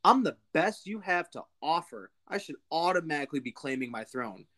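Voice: mid-range voice, sing-song, a little fast, a bit bright. A self-important male wrestler who demands what he thinks he is owed. A narrator reads his lines plainly, without a put-on voice. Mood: entitled.

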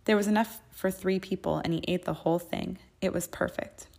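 A woman narrates a fan fiction audiobook in a steady, even reading. Her voice sits slightly low. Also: fairly quick, vocal fry.

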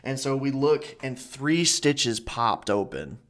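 A man's voice: mid-range voice, expressive, slow, a bit bright. Rambling man telling a casual story. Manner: loose, rambling storyteller with filler words and swearing.

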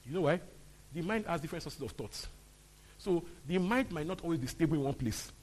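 A man's voice: a little high, lively intonation, fairly quick, darkish tone. A man with a Nigerian accent preaching a sermon, pressing his point with repeated phrases and rhetorical questions to the congregation. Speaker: pastor. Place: church service.

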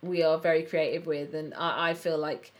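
A woman's voice: sits low, fairly even intonation, moderate pace. A woman co-hosting a podcast, talking in an earnest, reflective way. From English Midlands. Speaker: podcast co-host. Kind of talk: casual chat.

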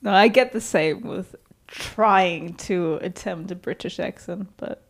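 Slow-talking giggly woman co-host. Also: on the low side, creaky. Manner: unhurried, giggly, hesitant with fillers. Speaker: podcast co-host. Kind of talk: casual chat.

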